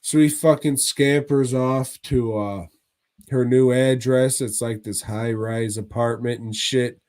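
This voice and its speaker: Brief: laid-back, slow-speaking male co-host who swears through his plot recaps. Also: mid-range voice, fairly even intonation, darkish tone. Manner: profane, rambling retelling. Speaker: podcast co-host. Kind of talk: casual movie review chat.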